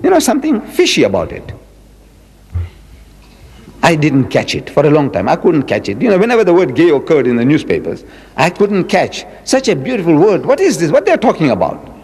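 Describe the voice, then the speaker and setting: A man in his seventies giving a religious lecture, emphatic and repeating his key words, drawing out quotations slowly. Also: on the high side, huge pitch swings, a little mellow, slightly rough, long reverb tail, rough recording. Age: 70s. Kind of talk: public lecture.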